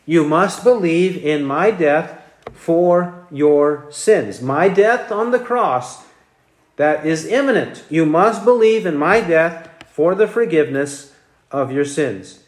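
A man's voice: on the high side, lively intonation, slow pace, roomy sound. A man preaching an expository sermon, emphatic, with rhetorical questions and repeated key phrases.

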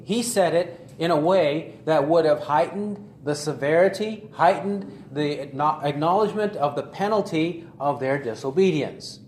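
Male preacher, fairly high voice, emphatic and deliberate, repeats phrases, roomy echo. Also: a little mellow. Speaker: pastor. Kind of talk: expository sermon. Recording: echoey room with faint ambient noise.

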